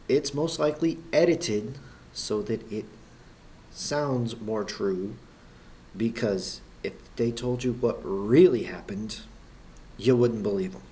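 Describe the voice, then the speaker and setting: A man's voice: mid-range voice, darkish tone. A man, a schoolteacher, telling a story in a wry manner with dry asides. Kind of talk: anecdotal storytelling.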